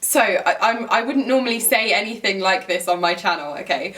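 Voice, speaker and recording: A young woman chats to camera in a giggly, rambling way and fills her sentences with "like". Her voice sits at an everyday pitch and sounds a little distant from the mic. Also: brisk, a bit bright. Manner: giggly, rambling, heavy use of "like". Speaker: lifestyle vlogger. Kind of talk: chatty storytelling to camera.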